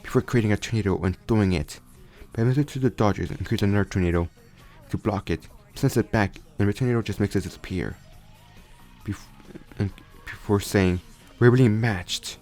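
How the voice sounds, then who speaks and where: A man's voice: fairly low pitch, a little fast, darkish tone, faint music behind. A young man casually retelling a fan story, rambling with frequent restarts and self-corrections.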